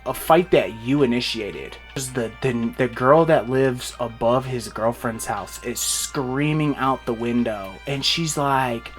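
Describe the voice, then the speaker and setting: A man's voice: medium pitch, measured pace, few pauses, faint music behind. A young man casually retelling a wild fight story, acting out the other people's lines as he goes. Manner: animated retelling with voiced quotes.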